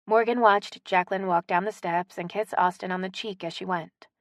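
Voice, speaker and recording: A woman reading a romance audiobook aloud in an expressive narrating style. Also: medium pitch, normal speed, no room sound, studio quality. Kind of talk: scripted narration.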